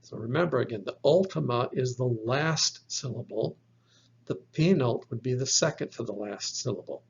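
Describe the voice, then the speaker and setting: A man teaching biblical Greek in a slow, methodical lesson, spelling out letters one by one and correcting his own slips. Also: medium pitch, expressive, gravelly, breathy edge. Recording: dull lo-fi recording.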